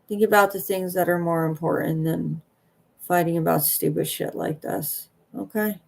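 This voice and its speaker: A tired woman hosting a late-night livestream, halting and earnest, often trailing off. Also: fairly low pitch, steady tone, gravelly, a little mellow. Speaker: livestream host.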